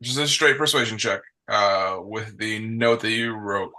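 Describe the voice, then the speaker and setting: A man running a tabletop game as game master, narrating in a slow, relaxed way with many fillers. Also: fairly low pitch.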